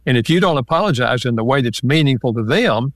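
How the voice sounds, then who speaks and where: A man speaks as an interview guest, explaining each point patiently with examples. His voice sits at an ordinary pitch. The recording is close and dry, with no room sound. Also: fast talker, no echo. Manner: calm, explanatory, gives examples. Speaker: author and marriage counselor guest. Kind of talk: interview conversation.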